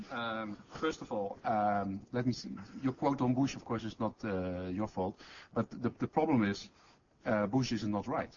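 A man speaks earnestly on a panel, pressing his argument point by point in slightly non-native phrasing. His voice sits low. The recording is dull and lo-fi, with a faint hiss behind it. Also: measured pace, darkish tone. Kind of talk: panel discussion response.

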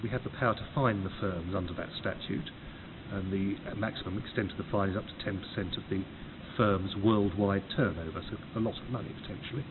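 A deep-voiced man from the United Kingdom, an official of a competition agency, delivers an orderly prepared talk point by point at a fairly quick pace. The recording is tinny and phone-like, with clearly audible hiss.

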